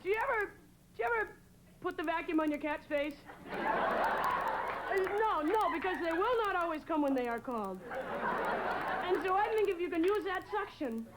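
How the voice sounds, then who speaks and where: A young woman from New England doing a deadpan stand-up set, hesitating with many "uh"s. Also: very high-pitched, moderate pace, pauses often, over a noisy crowd. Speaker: stand-up comedian. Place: TV studio stage before a live audience. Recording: loud audience laughter and noise.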